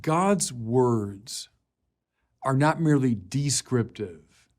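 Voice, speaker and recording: Slow, deliberate male preacher. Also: mid-range voice, animated. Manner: slow, deliberate, rising to emphatic declarations. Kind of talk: sermon.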